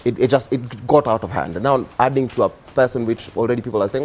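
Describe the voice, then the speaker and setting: A young Kenyan man speaks as a talk show guest in a mid-range voice. He tells his story in a relaxed, meandering way. He leans on fillers as he goes. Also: mid-range voice, quick pace, few pauses, slight background noise. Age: young adult. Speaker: guest, activist and musician. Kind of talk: casual interview storytelling.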